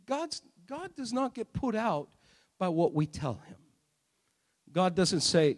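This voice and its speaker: A male pastor preaching a sermon in a church, talking conversationally with rhetorical questions and loud, emphatic bursts. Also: high voice, sing-song, slow pace, pauses often. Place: church sanctuary. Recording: long hall reverb.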